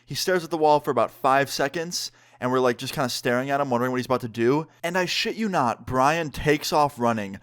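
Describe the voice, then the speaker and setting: A man's voice: mid-range voice, brisk, hardly any pauses, clear, resonant tone. A young man casually telling a story to camera, with lots of "like" and swearing. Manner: animated, profane, heavy use of "like". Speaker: vlogger.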